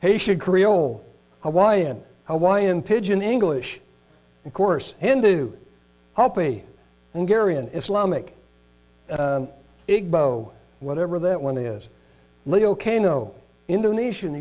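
A man preaching a sermon who reads long lists aloud, stumbling over pronunciations and rising to loud emphatic peaks before dropping low and quiet. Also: lively intonation, slow pace, low-quality recording. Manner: rises in pitch and volume on emphatic points, drops low and soft on solemn ones. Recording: mains hum in background.

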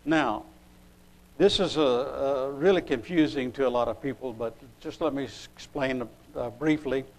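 A man preaching a sermon, reading scripture aloud and pausing as he looks up verses. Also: medium pitch, rough recording. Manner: unhurried, pausing while looking up verses.

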